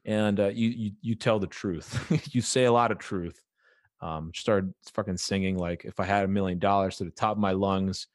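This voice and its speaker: A man's voice: fairly low pitch, steady tone, moderate pace, no room sound, studio quality. A young man in his twenties telling a story in casual chat, swearing freely, laughing mid-story and acting out what people said.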